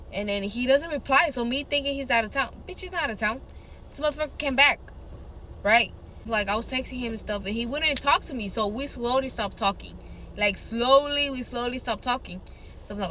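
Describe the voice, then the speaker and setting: A woman telling a personal storytime while getting ready, animated and dramatic, swearing freely. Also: on the high side, quick pace, slight background noise.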